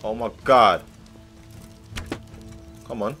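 A young man giving excitable, slang-heavy let's-play commentary, swinging between muttering and loud outbursts. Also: on the low side, drawn-out words, breathy edge, faint music behind. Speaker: gaming streamer.

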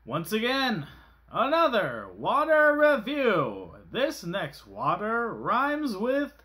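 A man's voice: sits high, wildly swooping pitch, takes it slowly, sharp tone. An overtired man hosting a casual water review vlog, goofy and profane, with exaggerated outbursts.

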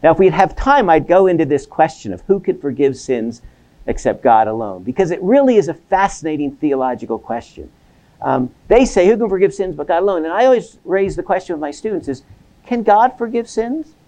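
A man giving an academic seminary lecture, animated, acting out quoted voices and often repeating words as he goes. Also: on the high side, fairly quick. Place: lecture hall.

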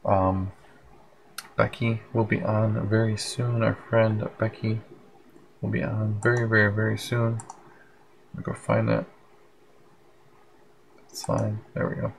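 Gravelly low-voiced man hosting a livestream. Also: flat delivery, slow, long pauses, a little hiss or hum, low-quality recording. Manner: rambling, friendly, reads out viewer comments. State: tired, yawning late at night. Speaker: livestream host. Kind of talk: casual live broadcast chat. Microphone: headphones with plug-in mic.

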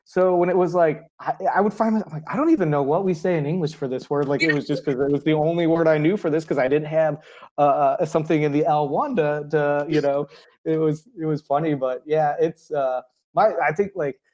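Fast-talking, animated teacher man. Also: on the high side. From United States. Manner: animated storyteller, laughs often, acts out quotes. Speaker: high school German teacher, guest. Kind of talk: casual interview conversation.

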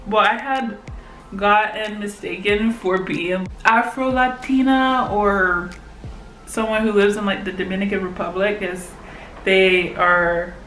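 Slow-talking giggly young woman. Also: mid-range voice, fairly even intonation, a bit bright, soft background music. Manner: giggly, chatty, lots of fillers. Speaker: vlogger. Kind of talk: casual vlog chat. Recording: roomy echo.

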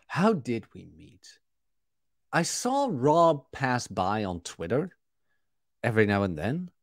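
A man's voice: medium pitch, very animated, unhurried, a little mellow, dry recording, studio quality. A man hosting a casual livestream podcast, rambling as he reads and answers chat comments. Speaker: podcast host.

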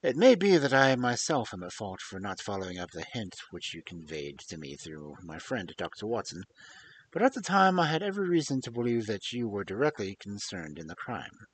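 A man reading aloud and voicing a calm, grave male detective who speaks in a measured, formal way. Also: on the low side, a little hiss or hum, voice pushed down.

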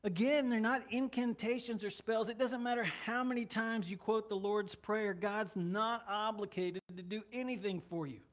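A man's voice: high-pitched, fairly even intonation, moderate pace, few pauses. A man preaching a sermon as pastor of a church, talking in a conversational way with joking asides.

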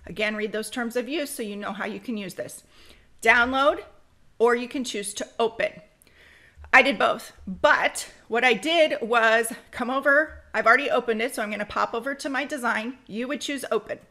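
Bright-voiced woman giving a software tutorial. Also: a little high, moderate pace. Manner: chatty, speeds up when excited; practical, direct advice. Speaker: crafting software tutorial host. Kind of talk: screen-recorded software tutorial.

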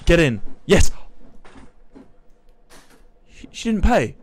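Young man, excitable stream chatter, fairly high voice, dry close mic. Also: very slow, no room sound. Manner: excitable, flustered, swearing, laughing. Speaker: livestreamer. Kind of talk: live gaming stream commentary.

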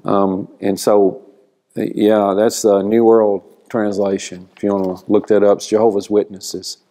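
A man teaching a church Bible class, explaining slowly and asking the class questions. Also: lowish voice, flat delivery, dark tone.

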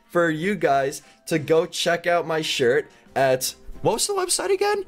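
Excitable young man commenting on a game. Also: on the high side, measured pace, soft background music. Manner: excitable, chatty, addresses viewers. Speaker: gaming video host.

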